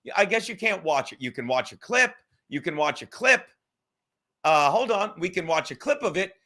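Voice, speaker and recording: A man with a high, bright voice rants on his podcast, swearing constantly and talking fast. He sounds heated and keeps jumping from grudge to grudge, laughing between jabs. It plays as a loose, unscripted livestream monologue. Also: big pitch swings. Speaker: podcast host.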